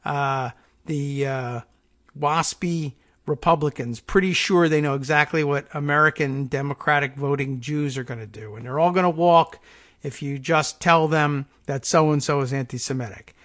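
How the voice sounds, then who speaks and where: A man's voice: a little high, normal speed, a bit bright. A man hosting a podcast, reading news articles aloud and adding dry, sarcastic asides, stumbling over foreign names. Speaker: podcast host.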